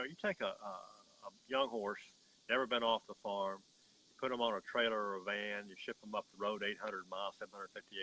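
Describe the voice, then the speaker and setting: A man's voice: lowish voice, sharp tone, slight background noise, rough recording. A man, a horse breeder, telling a story in an emphatic, folksy way during an interview.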